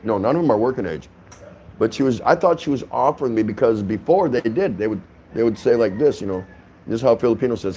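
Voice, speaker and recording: Low-voiced guy rambling on his home vlog, loose and chatty, faint hum behind. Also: lively intonation, fast talker, dark tone. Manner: rambling, chatty, frequent restarts and fillers. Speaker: vlogger host. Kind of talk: casual talking-head vlog. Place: apartment indoors.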